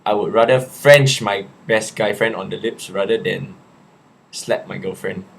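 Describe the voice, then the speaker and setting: A young Singaporean man in a casual live chat, reading viewers' questions aloud and answering them in a relaxed, chatty way. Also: on the low side, unhurried, vocal fry, slight background noise.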